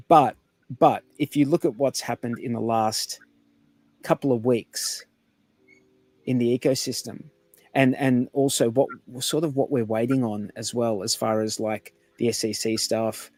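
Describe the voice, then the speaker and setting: A man's voice: mid-range voice, fairly even intonation, measured pace, a little mellow, no echo. A man, co-hosting a casual podcast, telling a story and laughing often. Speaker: podcast co-host. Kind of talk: casual chat, telling a joke.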